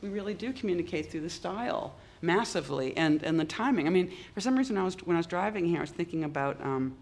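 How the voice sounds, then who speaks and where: An older poet from Boston, talking in a halting way with many restarts and strong emphasis. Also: mid-range voice, expressive, creaky. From Boston, United States. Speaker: poet, interview guest. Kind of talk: reflective conversation.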